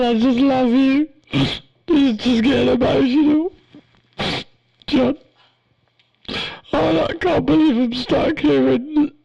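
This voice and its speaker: A man playing a lovesick male sports reporter, gushing and pleading in a comedy sketch. His voice is very deep and gravelly. He speaks at a slow, drawn-out pace. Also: dull audio, full character voice. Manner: gushing, sobbing pleas.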